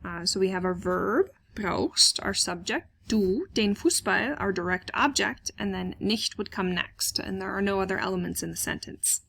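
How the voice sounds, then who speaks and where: A woman's voice: medium pitch, normal speed, vocal fry, few pauses, fairly bright tone. A woman teaching a German grammar lesson, explaining step by step and asking questions she then answers. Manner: explains step by step, asks questions aloud and answers them, many "uh" fillers. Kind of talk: classroom grammar lecture.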